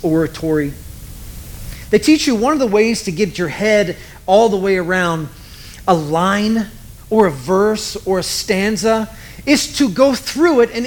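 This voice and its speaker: A man preaching a sermon, telling a story dramatically with emphatic pauses and repetition. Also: high voice.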